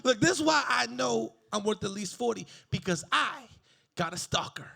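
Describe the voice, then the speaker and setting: A young adult man doing a stand-up comedy set, animated and laughing at his own jokes. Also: very high voice, normal speed, creaky.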